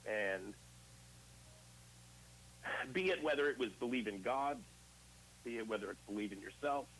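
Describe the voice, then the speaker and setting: A man speaks expressively at a measured pace in a medium-pitched, fairly bright voice, though the rough recording carries a little hiss or hum. He's an interview guest telling his recovery story candidly and conversationally, with past conversations acted out as quoted dialogue.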